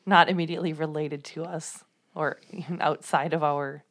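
A woman's voice: low-pitched, steady tone, moderate pace. A woman co-hosting a podcast in casual chat, teasing and saying "like" a lot. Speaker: podcast co-host.

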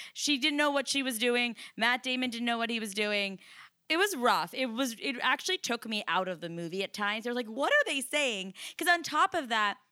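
A woman co-hosting a casual film review podcast, animated and quick to laugh, saying "like" often. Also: fairly high pitch, smooth, dry recording, studio quality. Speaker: podcast co-host.

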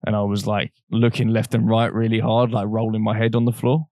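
A young man with a low-pitched voice tells a long personal story in a relaxed, frank way. He swears freely and slips into the voices of the people he quotes. The sound is dry and close, with no room echo. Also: brisk. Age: young adult. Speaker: podcast co-host. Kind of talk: casual storytelling chat.

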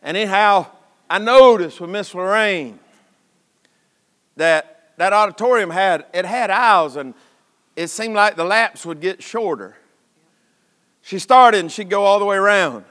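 A man preaches, folksy and impassioned, his high, bright voice swinging from shouts down to hushed tones. The sound carries a long reverb from the church sanctuary. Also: measured pace, long pauses. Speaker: pastor. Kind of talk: sermon.

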